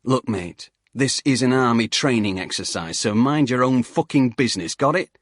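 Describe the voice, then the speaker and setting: A man's voice: fairly low pitch, animated, normal speed, no echo, studio quality. A man voicing a grumpy, hard-bitten male army instructor who swears and snaps, in an audiobook. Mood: snapping. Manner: curt, swearing, irritable.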